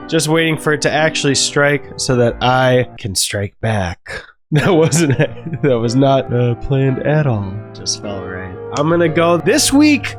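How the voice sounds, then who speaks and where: A man chatting to his camera in a loose, jokey vlog voice, easily set off laughing and dropping swear words. His pitch sits at an ordinary middle level while he narrates his trips to the cinema, and soft music plays underneath. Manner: jokey, excitable, swears freely, laughs mid-sentence. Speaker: movie vlogger and podcast host. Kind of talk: casual vlog talk to camera. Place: on the move between home, car and cinema.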